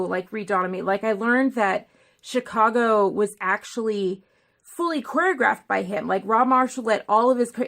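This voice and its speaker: Gravelly, high-pitched rambling woman vlogger. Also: fairly bright tone. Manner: rambling, filler-heavy, digressive. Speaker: film vlogger. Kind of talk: casual to-camera chat.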